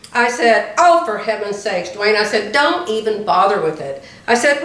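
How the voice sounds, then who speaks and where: A woman's voice: mid-range voice, very animated, normal speed, fairly bright tone. An older woman telling a long story in a chatty vlog, often laughing as she talks. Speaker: vlogger. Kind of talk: casual storytelling. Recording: roomy echo.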